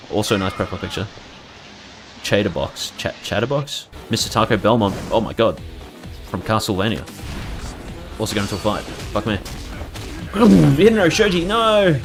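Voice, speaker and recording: Jokey Australian streamer, low voice. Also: male voice, fairly bright tone. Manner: rambling, jokey, reads chat names aloud. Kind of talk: casual gaming commentary.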